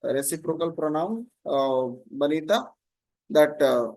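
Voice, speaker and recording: A man teaching an online grammar class, explaining slowly, repeating terms and often checking "Okay?". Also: on the high side, expressive, a little mellow.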